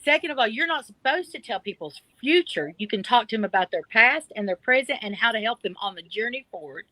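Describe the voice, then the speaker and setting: A woman's voice: on the high side, lively intonation, a little fast, bright, forceful tone, no room sound, low-quality recording. A middle-aged woman from the Appalachian Mountains with an Appalachian accent, a guest on a video call, talking bluntly and emphatically. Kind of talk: casual chat.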